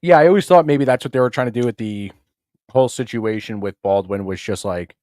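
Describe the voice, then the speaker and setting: A man's voice: mid-range voice, fairly quick, a little mellow, no room sound, studio quality. A man hosting a podcast in casual chat, talking loosely and with plenty of swearing, and slipping into offhand impressions. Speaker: podcast host.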